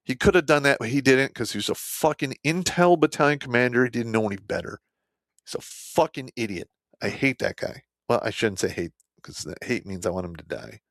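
A man telling a war story as an army veteran in a casual, blunt, heavily profane way, swinging between loud outbursts and low muttered asides. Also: brisk, dry recording, clean studio sound.

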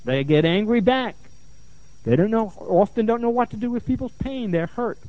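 A middle-aged man, a therapist, lecturing and telling stories from his practice, animated and given to repeating phrases for emphasis. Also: high voice, moderate pace, no room sound. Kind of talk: lecture with anecdotes. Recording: dull, muffled lo-fi sound.

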